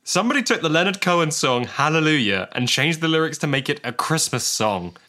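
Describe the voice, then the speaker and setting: A man in casual, comedic podcast chat, laughing easily and breaking into sung lines. His voice sits a touch high and rings bright and forward. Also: animated, fairly quick. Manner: playful, laughs often, half-sings lyrics. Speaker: podcast co-host.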